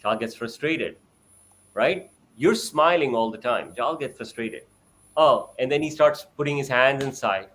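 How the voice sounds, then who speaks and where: Speaking expressively at a normal pace, a man on a video call describes how a parent might coach a child. He draws on his own parenting and performs both sides of parent-child exchanges in a bright, high voice.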